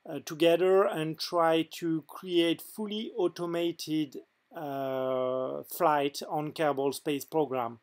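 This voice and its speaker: Man, French accent, non-native English, slightly high voice, hesitant demo voice-over. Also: darkish tone. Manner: hesitant, frequent filler pauses. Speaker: game mod developer.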